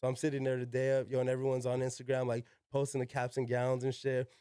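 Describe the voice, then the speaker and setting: A man's voice: mid-range voice, monotone, fast, warm tone, clean tone, dry recording, clean studio sound. A young man, a podcast guest, telling a casual story in slangy talk full of "yo", "like" and swearing. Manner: slangy, peppered with "yo" and "like", swears freely.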